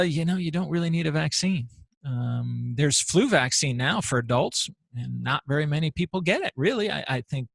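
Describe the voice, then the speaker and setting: A man hosting his own show, giving an animated, rambling solo commentary full of restarts. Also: fairly high pitch, creaky, no room sound. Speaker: show host.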